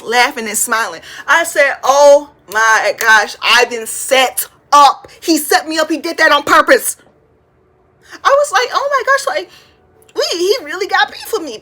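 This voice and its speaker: Bright, lively young woman podcast host. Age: 20s. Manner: animated, dramatic retelling with big pitch jumps. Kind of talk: casual storytelling.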